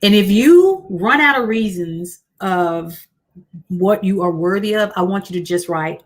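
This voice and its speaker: A woman hosting a motivational livestream as a coach, speaking encouragingly and repeating key lines slowly. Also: mid-range voice, expressive. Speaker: host and coach.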